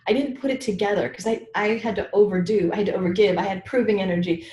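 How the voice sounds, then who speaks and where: A woman coach, a guest expert in an interview, telling her story in an animated way with laughs. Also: mid-range voice, fast talker, hardly any pauses, roomy sound. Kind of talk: conversational interview.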